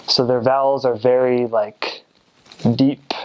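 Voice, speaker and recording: Young american guy, ex-missionary, lots of um and like, kinda hesitant, average pitch. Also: flat delivery, takes it slowly, muffled recording, slight background noise. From United States. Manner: hesitant, many fillers and restarts. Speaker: returned missionary. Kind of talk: casual explanation.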